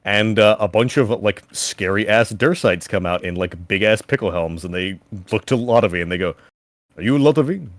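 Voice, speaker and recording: A man running a tabletop game as game master, casual and quick to laugh. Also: fairly low pitch, dry recording, studio quality. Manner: casual, laughing, swears freely.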